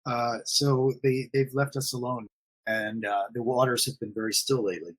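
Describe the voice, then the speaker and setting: A man's voice: medium pitch, steady tone, normal speed. A man talking casually on a live stream, rambling and repeating himself with many fillers. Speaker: forum admin guest.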